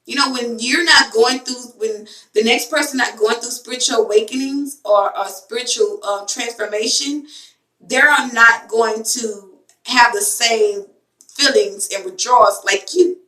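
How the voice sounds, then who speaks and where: A woman's voice: on the high side, measured pace, bright, forceful tone, recorded from a distance. A young woman in a casual vlog, telling an emotional story in a rambling way full of fillers. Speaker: vlogger. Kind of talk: casual chat to camera. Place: home bathroom. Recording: echoey bathroom, voice from mic.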